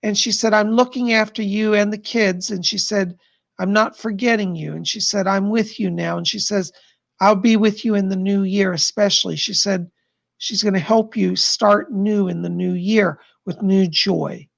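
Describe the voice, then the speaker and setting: A man's voice: sits high, steady tone, moderate pace, gravelly. A man hosting a live stream of psychic readings, chatty and rambling, who keeps repeating what the spirits say. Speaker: psychic livestream host.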